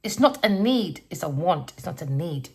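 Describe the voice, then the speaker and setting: A woman's voice: on the low side, very animated, moderate pace, vocal fry, dark tone. A woman giving a casual tarot reading, blunt and rambling, swearing constantly as she tells stories. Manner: storytelling, rambling. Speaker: tarot reader.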